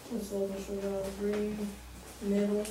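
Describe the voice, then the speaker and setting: A woman's voice: mid-range voice, completely flat delivery, unhurried. A woman student reading aloud, reciting the steps of coding words in a methodical way. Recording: very echoey, distant, faint noise.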